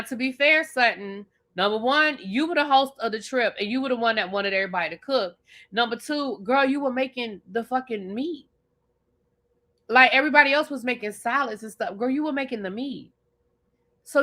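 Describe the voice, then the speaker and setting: Bright-voiced woman ranting about TV. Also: high-pitched, moderate pace. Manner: animated, blunt and profane, talks straight at the show's cast. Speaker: TV show reviewer and channel host. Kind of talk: live rant and review.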